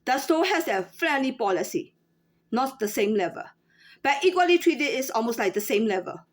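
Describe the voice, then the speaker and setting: A woman in her thirties or forties speaking in a casual unscripted monologue, halting with many fillers and restarts. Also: sits high, expressive. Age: 30s to 40s. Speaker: former store employee.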